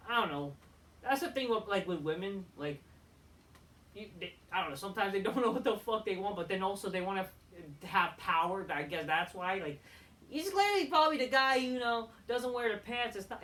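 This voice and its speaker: A woman's voice: lowish voice, a bit bright. A woman heatedly ranting as a wrestling show reviewer, swearing often and rambling between points. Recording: voice a bit far from the mic.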